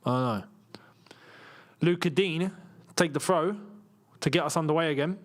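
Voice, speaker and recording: A young man hosting a live football watchalong, calling out player names in quick bursts and reacting loudly to the action. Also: a little high. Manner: excitable, rapid-fire name calling, bursts of laughter. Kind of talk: live match commentary and chat.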